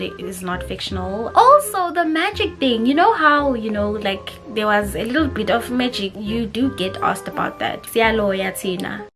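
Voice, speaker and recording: A young South African woman with a South African accent, chatting casually to camera and slipping between English and isiZulu mid-sentence. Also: mid-range voice. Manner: animated, expressive, switching languages mid-sentence. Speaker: vlogger. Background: background music.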